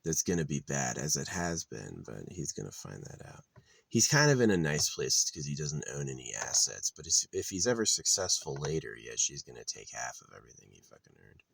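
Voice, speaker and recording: A man's voice: rumbling low, big pitch swings, a little fast, gravelly, fairly bright tone, slightly rough, no room sound. A man rambling in a blunt, crude monologue outdoors, full of fillers and restarts. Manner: meandering, crude, blunt opinions with many fillers.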